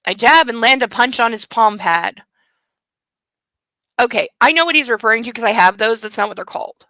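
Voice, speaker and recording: A woman's voice: on the high side, lively intonation, fairly quick, sharp tone, dry recording, rough recording. A woman hosting a comedic book club at home, reading aloud and breaking off for casual, sarcastic asides.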